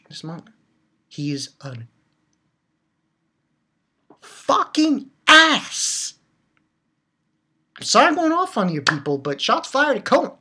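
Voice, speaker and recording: A woman's voice: on the high side, creaky, a bit bright, breathy edge. A woman giving a heated, profane rant while reviewing a manga chapter, blunt and repeating her points for emphasis. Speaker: anime reviewer.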